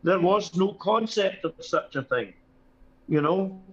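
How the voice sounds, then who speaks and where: A man's voice: high-pitched, lively intonation, takes it slowly, dull audio. A man who is a guest on a podcast, dry and wordy, giving analytical takes. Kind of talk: casual chat.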